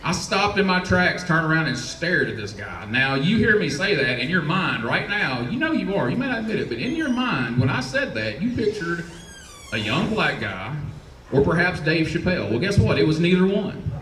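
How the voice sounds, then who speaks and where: A man's voice: on the high side, sing-song, normal speed, a bit bright, recorded from a distance. A man in his forties with a Southern US accent doing a profane, rambling, self-mocking stand-up set on a comedy club stage. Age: 40s. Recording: roomy club sound from off-mic.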